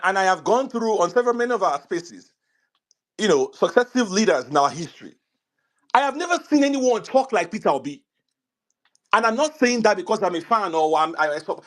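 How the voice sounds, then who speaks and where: Emphatic, high-pitched Nigerian man debating. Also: a bit bright. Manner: emphatic, repeats phrases for weight. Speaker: speaker in an online audio discussion. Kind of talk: heated political debate.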